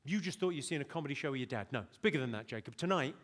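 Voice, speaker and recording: A man with a mid-range voice performs a stand-up set on a big theater stage, very fast and animated as he lectures an audience member in a dry, mock-stern way. The live show is full of loud crowd laughter.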